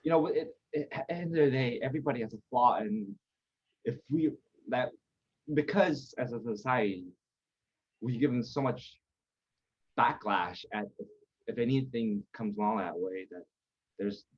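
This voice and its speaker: A husky-voiced man speaks as a podcast guest, rambling through his points with plenty of fillers. The audio is dull and lo-fi. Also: medium pitch, moderate pace, pauses often. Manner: rambling, lots of fillers and restarts. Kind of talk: casual conversation.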